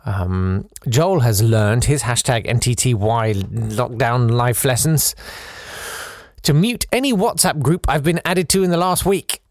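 A man's voice: medium pitch, unhurried, darkish tone, no echo, studio quality. A man hosting a podcast in a casual, rambling way, reading listener messages with self-deprecating asides. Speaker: podcast host.

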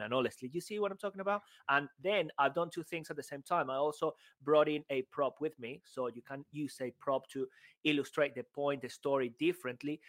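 A man with a somewhat high voice co-hosts a chat about storytelling. He is lively and jokey, and he often acts out short bits of dialogue to make his points. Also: brisk. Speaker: podcast co-host. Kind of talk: casual coaching chat.

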